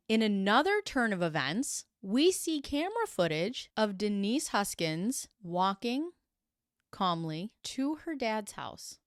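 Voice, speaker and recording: A woman telling a true crime story in a casual way, acting out quotes with quick impressions and adding sarcastic asides. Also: mid-range voice, dry recording, studio quality.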